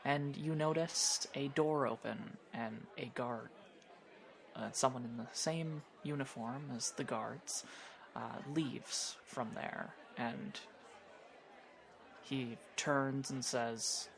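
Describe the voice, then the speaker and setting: Slow, gravelly man narrating a game. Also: mid-range voice, some chatter behind. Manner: slow, hesitant narration with restarts. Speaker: game master.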